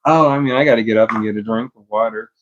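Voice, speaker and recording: A man's voice: on the low side, quick pace, lo-fi sound, slight background noise. A middle-aged man casually telling a long personal story, rambling, swearing freely and laughing often. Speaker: vlogger.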